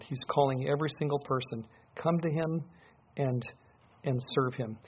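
A man's voice: medium pitch, unhurried, long pauses, breathy edge. A man preaching a sermon, speaking earnestly and building up to emphatic peaks as he drives home his points. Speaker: pastor. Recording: dull lo-fi sound.

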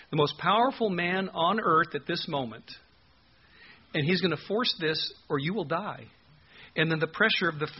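A man's voice: a little high, breathy edge, dull audio. A man preaching an expository sermon, earnest and emphatic, asking his listeners rhetorical questions. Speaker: pastor.

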